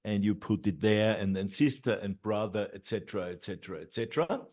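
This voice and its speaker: A man's voice: on the low side, a little fast, a little mellow. A middle-aged man giving a teacher training talk, walking through classroom steps with many fillers and repeated et ceteras.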